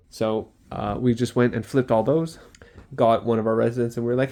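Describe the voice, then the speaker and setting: A man's voice: medium pitch, steady tone, a little fast, a little mellow. A young man, a student care worker, chatting casually in a vlog diary, rambling and acting out sounds.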